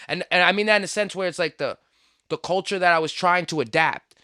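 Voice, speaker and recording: Brash, bright-voiced New man. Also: high voice, a little fast, smooth, dry recording, studio quality. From Puerto Rican, raised in New York. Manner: animated, slangy storytelling with swearing. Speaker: podcast host. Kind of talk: casual podcast chat.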